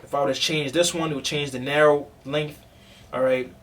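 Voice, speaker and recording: A man's voice: a little high, fairly even intonation, normal speed, fairly bright tone, distant mic, a little hiss or hum. A man, a music producer, casually walking through a tutorial on his screen, loose and chatty with fillers. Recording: voice a bit off-mic over music.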